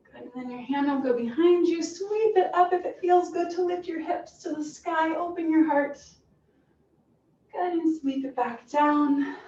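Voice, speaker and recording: A woman fitness instructor calmly cueing a stretching class with encouraging guidance. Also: high-pitched. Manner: calm, encouraging cueing with soft breathy asides. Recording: roomy, distant, dull sound with faint hiss.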